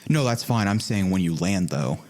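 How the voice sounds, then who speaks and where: A man's voice: deep voice, expressive, moderate pace, darkish tone. A man narrating as game master of a tabletop game, often breaking into laughter.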